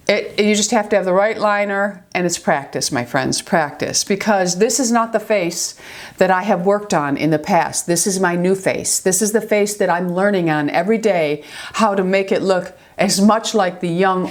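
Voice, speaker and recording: An older woman with a New York accent talks her viewers through a makeup tutorial. She is chatty and affectionate, and she keeps checking in with a quick "okay?". Her voice sits at an ordinary middle pitch. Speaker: beauty vlogger.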